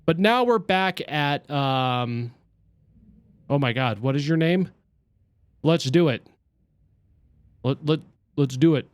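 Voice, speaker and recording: A man's voice: a little high, slow, pauses often, clear, resonant tone, no room sound. A young man streaming a story game, chatting casually and reacting with exclamations. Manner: animated and chatty, with exclamations and self-talk. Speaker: streamer playing a narrative game. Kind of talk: casual let's-play commentary, reading and voicing game characters.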